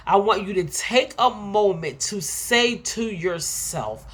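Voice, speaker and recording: Slow, low-voiced Philly woman giving affirmations. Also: expressive, husky. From Philadelphia. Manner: emphatic, repetitive, preacher-like. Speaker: motivational speaker. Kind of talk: motivational affirmation talk.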